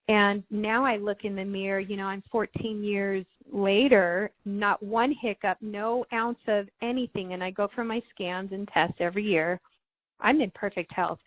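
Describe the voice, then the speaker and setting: A woman's voice: medium pitch, dry recording. A middle-aged woman, a podcast guest, earnestly telling a personal story and repeating words when moved. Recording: thin phone-like line, dry.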